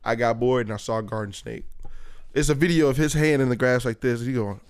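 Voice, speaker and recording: A young man in casual banter with friends, telling animated, profane stories. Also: medium pitch, fast, smooth.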